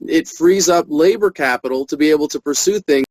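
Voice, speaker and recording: A man's voice: a little high, fairly quick, no room sound, poor audio. A man giving an interview as a political activist, talking earnestly and speeding up when he presses a point.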